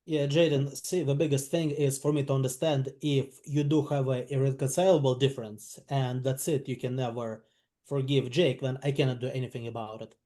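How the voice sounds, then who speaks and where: Man, sales trainee, mellow tone, hesitant, video call. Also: medium pitch, steady tone, a little fast. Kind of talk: sales role-play practice.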